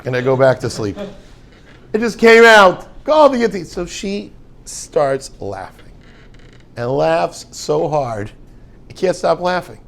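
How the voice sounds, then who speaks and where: Brief: male rabbi, mid-pitched and gravelly, casual joking lecturer peppering in Yiddish. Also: a little mellow, a little hiss or hum. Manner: rambling, joking storyteller with Yiddish words. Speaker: rabbi and yeshiva head. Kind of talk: informal yeshiva talk.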